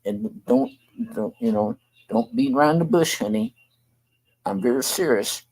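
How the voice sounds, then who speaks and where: A man's voice: medium pitch, sing-song, moderate pace, a little mellow, husky, low-quality recording. An older man, hosting a talk show and complaining bluntly and repetitively. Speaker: show host. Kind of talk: venting monologue to camera.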